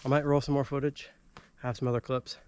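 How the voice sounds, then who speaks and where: A man's voice: mid-range voice, level tone, fairly quick, darkish tone, slight background noise. Hot, thirsty man vlogging on a trail. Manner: chatty, talking to himself. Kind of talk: talking to camera while hiking. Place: forest trail outdoors.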